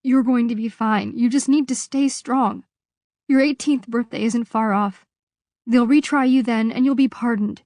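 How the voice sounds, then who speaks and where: A woman voicing a loving middle-aged father, gentle and shaking, in an audiobook. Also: on the high side, steady tone, moderate pace, no room sound, studio quality, close to an everyday voice. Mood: tender.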